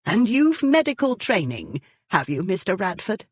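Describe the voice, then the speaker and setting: A woman's voice: mid-range voice, sing-song, moderate pace, no room sound, voice pushed up. A narrator voicing a haughty, scornful elderly aristocratic woman, the heroine's great-aunt, in a storybook reading.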